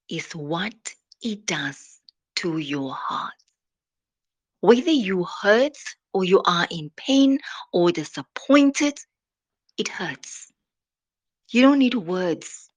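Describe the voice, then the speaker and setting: A woman hosting a devotional podcast, speaking in a slow, reflective way and trailing off into soft, whispery phrase endings. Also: lowish voice, expressive, slightly rough. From South Africa.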